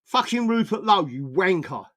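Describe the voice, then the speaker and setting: Furious high-voiced man ranting. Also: big pitch swings, normal speed, fairly bright tone. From England. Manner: furious, swearing, stammering restarts. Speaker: political commentator. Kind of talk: angry profanity-laden rant.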